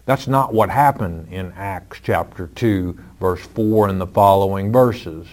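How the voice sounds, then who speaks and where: A man with a lowish voice answers listener questions about scripture. He speaks very slowly and deliberately, firm and matter-of-fact, in a radio Bible teaching style. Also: a little mellow. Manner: slow, measured, firm and plain-spoken.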